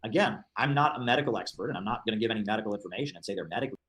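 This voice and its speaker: A man's voice: fairly low pitch, lively intonation, rapid-fire, fairly bright tone, low-quality recording. A man giving political commentary on a livestream, argumentative and emphatic, repeating his points.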